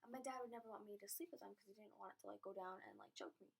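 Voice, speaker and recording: A woman's voice: medium pitch, sing-song, very fast, creaky, slightly rough. A teenage girl telling a rambling, giggly story to camera, full of "like" and little asides. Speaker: vlogger. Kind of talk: casual storytime chat.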